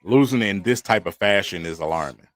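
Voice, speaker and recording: A very low-voiced man, hosting a live football watch stream. He talks casually and with exasperation, heavy on slang, as he picks apart each play. The sound is dry and close. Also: lively intonation, fairly quick, dry recording. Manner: frustrated, conversational, slangy. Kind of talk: casual sports watch-party commentary.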